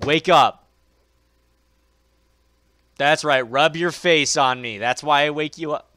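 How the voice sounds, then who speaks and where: A man voicing a bratty, destructive male house cat who loudly mocks its owner while playing a video game. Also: fairly high pitch, takes it slowly, no room sound, studio quality. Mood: taunting. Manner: loud, gloating, mocking taunts.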